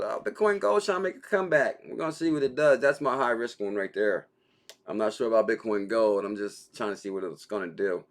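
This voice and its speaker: A man hosting a daily crypto livestream, chatting casually and reading out viewer comments, with a laid-back, slangy manner and easy laughter. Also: medium pitch.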